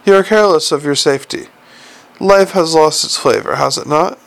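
A softly menacing older ruler, voiced by a male audiobook narrator speaks with calm, clipped dryness. The voice sits low and quiet with a gravelly edge. Every sentence sounds measured and faintly amused. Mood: dry menace. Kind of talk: audiobook character reading.

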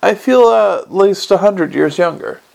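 A gleeful old ghost of a male necromancer, chatty and pleased with himself, as a man reads him in a storybook voice. The voice sits a little high and carries a gravelly edge. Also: unhurried, a little mellow, heavily acted. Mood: cheerful.

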